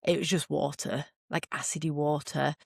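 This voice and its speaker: In a low, gravelly voice with a level tone and normal speed, a woman hosting a podcast tells a personal story frankly and chattily, performing her own reactions as she goes. It's a candid monologue recorded at studio quality without echo.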